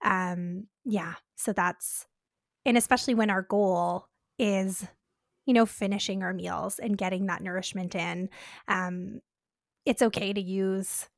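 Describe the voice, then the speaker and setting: A woman co-hosting a podcast, speaking in a gentle, reflective way and often checking in with "right?". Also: mid-range voice, fairly even intonation, unhurried, creaky, dry recording, studio quality. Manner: gentle, reflective, says "right?" and "you know". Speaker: podcast co-host. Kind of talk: casual podcast chat.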